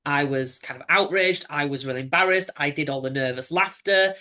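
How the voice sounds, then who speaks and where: A man in his forties telling a personal story as an interview guest, candid and reflective, halting and restarting as he goes. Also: on the high side, pushed and bright. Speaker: podcast guest.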